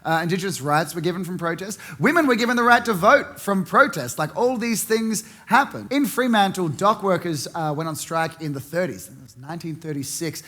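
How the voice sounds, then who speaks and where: Stand-up: young Australian man, sardonic and sweary, high, bright voice. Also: expressive, fairly quick, hardly any pauses. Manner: sardonic, swears freely, mocks with put-on voices. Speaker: stand-up comedian. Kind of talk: stand-up comedy set.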